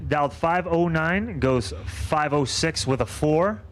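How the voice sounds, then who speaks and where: A man calling drag races and making track announcements, brisk and dryly teasing his co-announcer. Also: on the high side, expressive, slight background noise. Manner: brisk, dry, teasing banter. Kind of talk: race commentary and track announcements.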